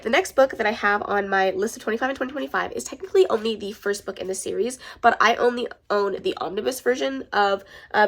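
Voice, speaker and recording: Fast-talking stuffed-up woman gushing. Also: mid-range voice, creaky. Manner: gushing, chatty, swears casually. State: stuffed-up nose. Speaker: book vlogger. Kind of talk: casual chat.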